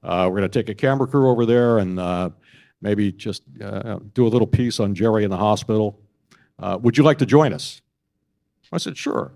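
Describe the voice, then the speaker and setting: An older man and broadcast journalist telling stories at a press club event, halting often and restarting his sentences. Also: on the low side, gravelly, a little mellow. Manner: halting, with many restarts and fillers.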